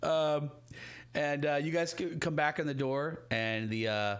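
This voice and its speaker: A man's voice: on the high side, steady tone, a little slow. A man narrating a live tabletop game as game master, rambling with many fillers.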